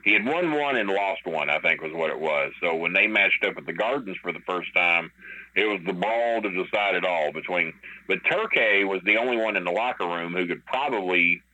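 A man's voice: low voice, fairly quick, bright, forceful tone, highs cut off. A profane man telling a rambling story. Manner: profane, rambling, with many fillers. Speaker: podcast guest. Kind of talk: casual storytelling.

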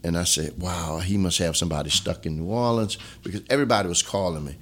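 Mężczyzna w średnim wieku z akcentem z Luizjany, z bardzo niskim głosem, opowiada szczerze i z namysłem w wywiadzie. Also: male voice, quick pace, slight background noise. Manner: earnest, reflective, drops to a low hush when emotional. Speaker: former police chief, guest. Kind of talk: candid storytelling interview.

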